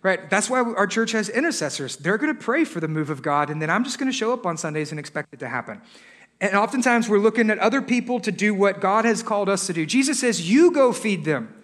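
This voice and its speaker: Very high-voiced impassioned male pastor. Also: very animated, fast, fairly bright tone. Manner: impassioned, many rhetorical questions, building in intensity; sarcastic asides. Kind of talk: sermon. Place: church service before a congregation.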